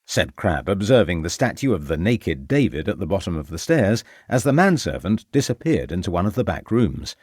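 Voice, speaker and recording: Low-voiced man narrating an audiobook. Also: sing-song, normal speed, dry recording, studio quality. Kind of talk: scripted narration.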